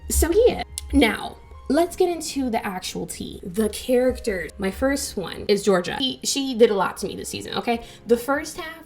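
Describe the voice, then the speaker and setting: A woman talking through a TV season in a casual review vlog, chatty and animated, acting out bits of dialogue as she goes. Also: on the high side. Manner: chatty, animated, dramatizes with quoted voices. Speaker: TV show reviewer.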